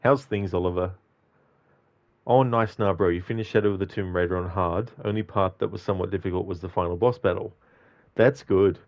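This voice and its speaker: A man's voice: deep voice, fairly quick, muffled recording. A man chatting casually on a game live stream, reading out and answering viewers by name.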